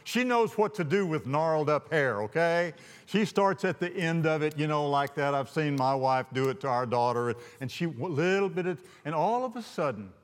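A man preaching a sermon, telling a story in an animated, rambling way with frequent restarts. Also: on the high side, long reverb tail. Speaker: pastor.

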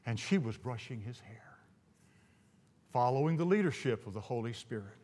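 A man preaching a sermon, telling a story in an animated, rambling way with frequent restarts. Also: medium pitch, moderate pace, in a large hall. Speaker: pastor.

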